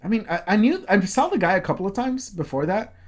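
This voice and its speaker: A man's voice: high voice, big pitch swings, fast talker. A man co-hosting a casual podcast, telling a long story with many fillers, restarts and swear words. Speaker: podcast co-host.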